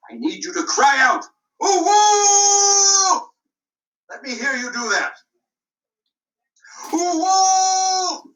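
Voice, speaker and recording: A woman doing a pompous constable, puppet show, bright voice, echoey room. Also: fairly high pitch, voice pushed up, heavily acted. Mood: commanding. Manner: loud, self-important proclamations. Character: pompous bossy village constable on patrol. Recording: roomy, mic at a distance.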